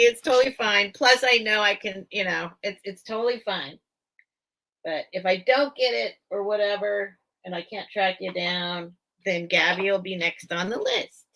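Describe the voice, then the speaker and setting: A woman's voice: mid-range voice, normal speed, creaky, sharp tone. A woman hosting a casual live vintage sale from home, chatting and thinking aloud straight to her viewers. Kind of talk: casual live-stream selling chat.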